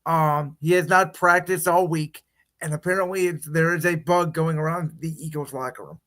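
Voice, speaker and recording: A man's voice: on the high side, fairly even intonation, normal speed, a bit bright. A man co-hosting a casual sports podcast, his voice weakened by illness, talking with hesitant restarts but firm opinions. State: weak voice from illness. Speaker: podcast co-host.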